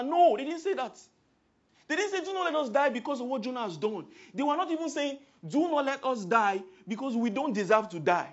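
A man with a Nigerian accent preaching a sermon, swinging from hushed, quiet passages to loud, emphatic outbursts. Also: very high-pitched, lively intonation, fast, dull audio.

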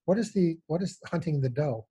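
A man who edits poetry, reading lines aloud and unpacking them in an engaged, animated way with frequent restarts. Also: on the high side, fairly quick, slightly rough, rough recording. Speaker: poetry editor. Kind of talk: conversational discussion of poetry.

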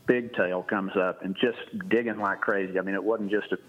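Low-voiced man telling a fishing story. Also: fairly even intonation, normal speed, phone-quality sound. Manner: rambling, laughing storyteller with restarts. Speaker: guest storyteller. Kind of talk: casual podcast anecdote.

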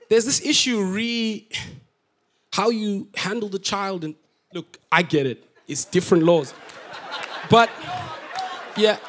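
A young man from Africa preaching in a church, playful and animated as he acts out people's reactions. His voice sits very high for a man and has a bright, forceful edge. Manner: lively, jokey, acts out reactions with sound effects. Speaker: pastor. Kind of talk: sermon. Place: church auditorium.

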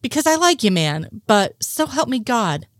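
A woman reading the lines of a nervous, innocent man, a little higher than her narration. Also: very animated, normal speed, no room sound, clean studio sound. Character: nervous, well-meaning male conspiracy nerd.

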